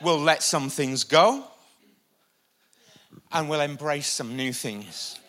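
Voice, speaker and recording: Man, pastor, sermon on stage, energetic, repetitive emphasis, bright tone. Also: on the high side, slow. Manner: energetic, repeats lines for emphasis, uses a helper for a live demonstration. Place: church stage before a congregation.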